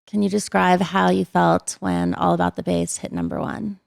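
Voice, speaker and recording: A woman's voice: lowish voice, normal speed, vocal fry, no echo, clean studio sound. A woman hosting a podcast from her home, chiming in with short, agreeable remarks in casual chat. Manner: brief, agreeable interjections. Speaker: podcast host. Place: home studio.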